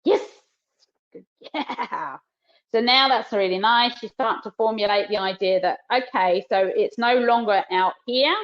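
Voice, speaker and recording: A woman with a New Zealand accent, a dog trainer teaching a live demonstration. She explains each step and breaks off to cue and praise her dog softly. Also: mid-range voice, a little slow. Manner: explains while cueing the dog, soft praise. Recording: dull lo-fi webinar audio.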